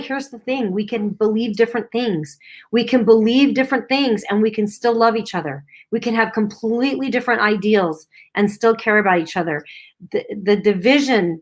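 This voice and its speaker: A middle-aged woman co-hosting a casual livestream, reading viewer comments aloud and chatting with lots of fillers. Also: mid-range voice. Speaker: livestream co-host.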